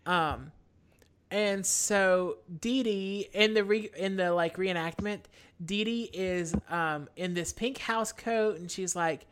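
A young woman hosting a podcast, recapping a true-crime story in a relaxed, chatty way with many fillers. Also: medium pitch, slow, smooth. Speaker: podcast host.

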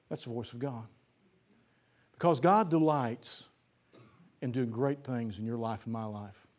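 A man delivers a sermon with a voice that sits a little higher than most men's. He tells homespun stories in a relaxed way, then presses his points with rising fervor. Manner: folksy storytelling, rising to fervent emphasis. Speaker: preacher.

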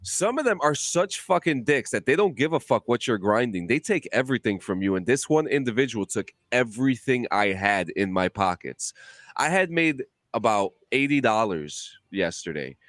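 A man in casual chat, telling a lively story full of swearing and acted-out voices. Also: medium pitch, normal speed, no echo. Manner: animated storyteller, swears a lot, acts out voices.

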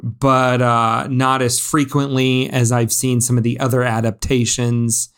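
A man co-hosts a podcast in a loose, casual chat. His voice sits in a middle register, and he talks in an animated way, full of ums and uhs. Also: medium pitch, measured pace, clean tone. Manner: chatty, animated, with many fillers. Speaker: podcast co-host.

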